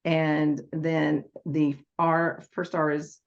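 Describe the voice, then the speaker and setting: A woman with a low, gravelly voice explains her work as a parenting educator in steady, teaching tones. Her guest answers have a patient, instructive manner. The sound is dull and lo-fi. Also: drawn-out words. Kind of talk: interview answers. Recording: dull lo-fi audio.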